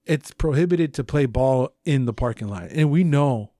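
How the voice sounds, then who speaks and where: A young man on a casual podcast, telling a story with lots of swearing and acting out the lines he shouted. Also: mid-range voice, normal speed, dry recording, clean studio sound. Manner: profane animated storytelling, acts out shouted quotes. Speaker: podcast co-host.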